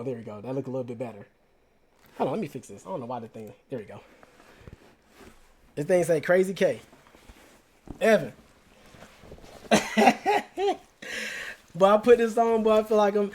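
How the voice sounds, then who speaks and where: A young man with an Atlanta Southern accent telling stories casually to the camera, slangy and animated, repeating himself. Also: fairly high pitch. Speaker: vlogger.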